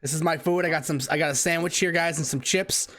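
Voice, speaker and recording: A man's voice: on the high side, fairly even intonation, fast talker, a bit bright. A man from Texas co-hosting a casual sports podcast, blunt, profane and opinionated. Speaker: podcast co-host.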